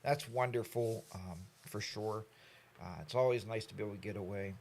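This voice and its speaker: A man's voice: on the low side, normal speed, slight background noise. A man in his sixties hosting a casual live stream, rambling and joking as he greets viewers by name. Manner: rambling, jokey, animated storytelling.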